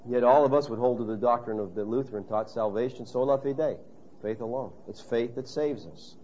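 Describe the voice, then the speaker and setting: A man preaching a sermon, speaking straight to his congregation and acting out quoted voices with sudden loud bursts. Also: mid-range voice, brisk. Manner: emphatic, direct address to the congregation. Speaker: pastor. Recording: muffled, dull lo-fi sound.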